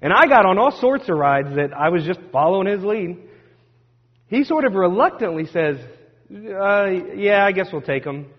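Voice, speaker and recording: A man preaching a sermon, telling a self-deprecating personal story in a lively way. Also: high voice, moderate pace. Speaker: pastor. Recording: dull sound with long hall reverb.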